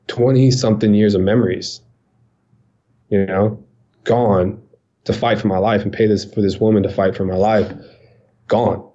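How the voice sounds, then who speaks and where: A man in his forties recounting his own story in an interview, halting and repeating words, often pausing. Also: on the low side, mellow, muffled recording. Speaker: interview guest. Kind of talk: emotional personal account.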